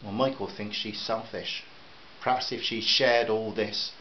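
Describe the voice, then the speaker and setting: A man voicing a shy, kind young father who speaks softly and apologetically. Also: lowish voice, steady tone, measured pace, highs cut off, a little hiss or hum, natural voice. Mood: defensive. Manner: soft, apologetic.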